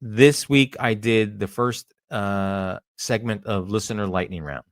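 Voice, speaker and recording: A man's voice: lowish voice, a little slow, no room sound, clean studio sound. A man hosting a podcast, ranting in casual chat with lots of restarts and swearing. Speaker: podcast host.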